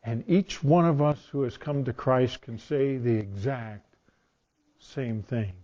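Storytelling preacher with a dull lo-fi sound. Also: male voice, mid-range voice, unhurried, warm tone. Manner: storytelling, conversational, with restarts. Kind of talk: sermon.

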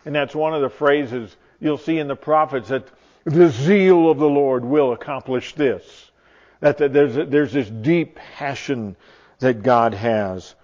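A man teaching from the Bible in a sermon, earnest and searching, often restarting his sentences and dropping to a hush on tender points. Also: medium pitch, a little slow. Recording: dull lo-fi recording.

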